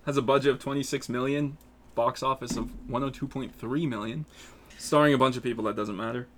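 A man's voice: mid-range voice, steady tone, a little fast, slight background noise. A man co-hosting a podcast, reading out film facts in an offhand, casual way. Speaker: podcast co-host. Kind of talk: casual group banter.

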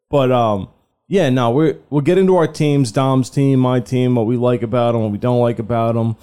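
A man's voice: medium pitch, moderate pace, warm tone, clean tone. A man co-hosting a sports podcast, talking casually and loosely, swearing often and laughing. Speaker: podcast co-host.

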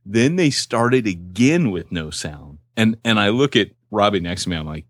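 A man co-hosting a podcast, telling stories in an animated, jokey way. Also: low voice, a little fast, few pauses, dry recording, clean studio sound. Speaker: podcast co-host. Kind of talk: casual chat.

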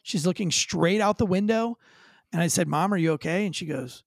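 A man, a former police officer, telling a dramatic story with high energy as an interview guest, acting out quoted lines. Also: fairly quick, vocal fry, no echo.

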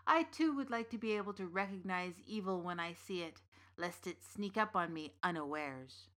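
A woman's voice: on the low side, moderate pace, a bit bright, lightly acted. A woman voicing a confident, well-dressed male tailor who speaks eagerly.

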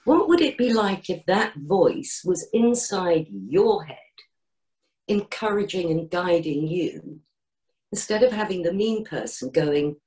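A middle-aged woman, a coach, talking as a podcast guest in a gently encouraging way and acting out inner voices. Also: lowish voice, animated, takes it slowly. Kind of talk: podcast interview.

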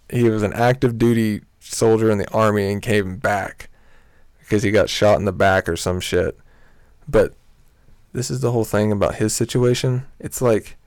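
A man's voice: fairly low pitch, a little mellow, no room sound, studio quality. A young man telling a rambling, profane story in a casual comedic way, laughing often as he goes.

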